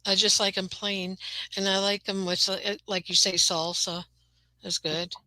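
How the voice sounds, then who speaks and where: Bright, chatty Midwestern woman. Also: mid-range voice, flat delivery, a little slow, dry recording. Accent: Midwestern American. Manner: chatty, laughs easily, blunt. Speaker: community chat participant. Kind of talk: casual group video chat. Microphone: webcam.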